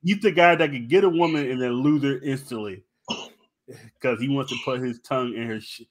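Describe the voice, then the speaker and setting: A man on a casual podcast, ribbing his co-hosts with blunt exclamations. His voice sits at an ordinary, mid-range pitch. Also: fairly quick.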